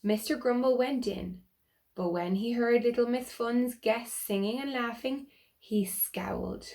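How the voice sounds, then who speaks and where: A woman reading a picture book aloud to children, animated and asking them questions. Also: on the high side, measured pace. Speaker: children's storyteller.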